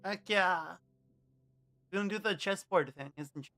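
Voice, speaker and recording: Laid-back game streamer, slow reactions, bright tone. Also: mid-range voice, a little hiss or hum. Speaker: VTuber streamer. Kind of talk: casual game-stream commentary.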